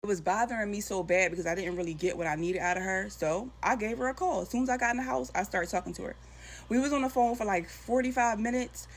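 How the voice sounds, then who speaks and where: Woman storyteller, lively and colloquial, mid-pitched, acts out quotes. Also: fast, a little hiss or hum. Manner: animated, acts out dialogue, colloquial. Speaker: storytime creator. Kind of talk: casual storytelling to camera.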